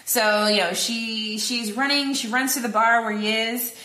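A woman's voice: fairly high pitch, steady tone, moderate pace, sharp tone. A woman co-hosting a podcast, recapping a film plot casually in a rambling way, full of fillers and acted-out quotes. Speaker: podcast co-host. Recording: echoey room.

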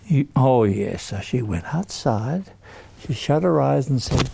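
A man telling a story to children in an animated way, putting questions to them. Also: mid-range voice, measured pace, vocal fry, noisy background.

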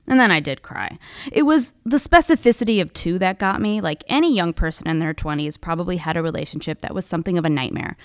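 A woman's voice: fairly low pitch, animated, fast talker, no echo, clean studio sound. A woman hosting a podcast, telling a personal story in a wry, conversational way. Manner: wry, conversational, with casual fillers. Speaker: podcast host.

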